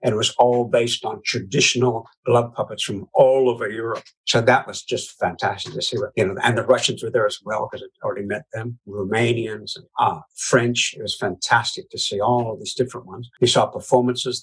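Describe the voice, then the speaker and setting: Appearing as an interview guest, this Iowa-born American puppeteer chats and spins stories, laughing often and dropping many "you know" asides. His voice is fairly low and husky with a steady tone, and he speaks at a normal speed with few pauses over poor audio.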